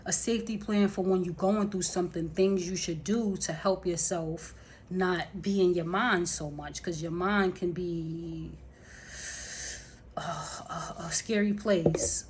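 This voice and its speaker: A woman's voice: fairly low pitch, steady tone, measured pace, a little hiss or hum. A woman telling a personal story to her camera in a rambling, unscripted way, with many fillers and restarts. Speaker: vlogger.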